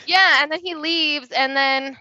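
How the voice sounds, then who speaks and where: A young woman with a bright, forceful and fairly high voice tells a personal story on a podcast. She talks in a candid, chatty way, full of "like" and swearing, and slips into the voices of the people in her story. The recording is dry and a little dull. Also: measured pace, no echo. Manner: chatty and candid, peppers speech with "like" and swearing, acts out quoted dialogue. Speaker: podcast guest. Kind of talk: casual storytelling in a podcast interview.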